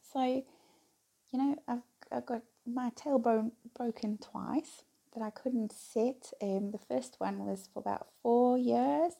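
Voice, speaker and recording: Middle-aged woman, candid rambling vlogger, gravelly and mellow. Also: on the high side. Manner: candid, rambling, laughs between phrases. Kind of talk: casual personal talk to viewers.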